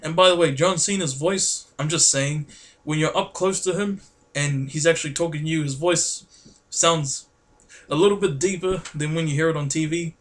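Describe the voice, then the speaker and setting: A man, vlogging in a casual, rambling and excitable way, full of fillers. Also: fairly high pitch, moderate pace. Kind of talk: casual chat to camera.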